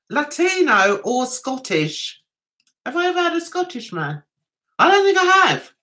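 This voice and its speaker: A woman's voice: high voice, bright, forceful tone. A middle-aged woman with a Mancunian accent, chatting casually on her livestream, giggling often and reading viewer comments aloud. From Manchester, England. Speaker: livestream host.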